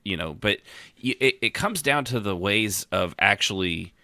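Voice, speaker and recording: A man's voice: fairly low pitch, expressive, moderate pace, creaky, bright, forceful tone, no room sound, clean studio sound. A man co-hosting a podcast in casual chat, rambling with lots of fillers and restarts. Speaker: podcast co-host. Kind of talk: casual chat about roleplay.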